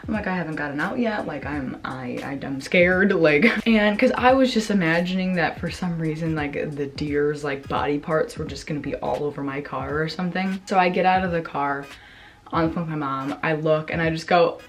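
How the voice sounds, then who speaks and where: A woman's voice: low-pitched, brisk. A young woman vlogger casually telling a story to her camera, rambling with lots of fillers, swearing and acting out her own reactions.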